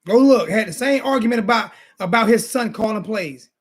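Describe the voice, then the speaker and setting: A man with a high voice rants fired-up about football, repeating himself and calling people names. He speaks in a casual, heated sports-talk style. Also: animated, brisk. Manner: repetitive, insulting, fired-up ranting. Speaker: sports talk show host.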